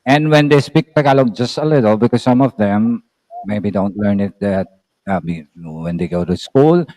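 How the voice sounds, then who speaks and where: A Filipino-accented man from the Philippines, with a fairly low, darkish voice at a moderate pace, is a guest explaining Filipino languages. In casual conversation he explains words, often repeats himself, and uses many fillers; the recording is dry and low quality.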